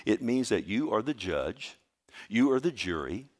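With a lowish voice and an unhurried pace, this very animated pastor delivers an earnest, conversational sermon. He frequently asks "Amen?", addresses listeners as "loved one," and moves from loud, emphatic bursts to quiet asides.

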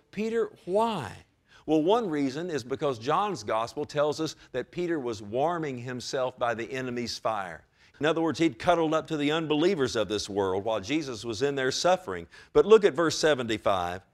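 A man preaching a sermon as pastor, with emphatic rises and direct calls to his congregation. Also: fairly high pitch.

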